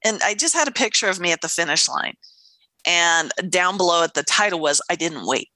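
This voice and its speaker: Animated woman telling a lively story. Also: on the low side, a little fast, no echo. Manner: animated, acts out other people's voices, laughs often. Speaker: author. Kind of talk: casual storytelling chat.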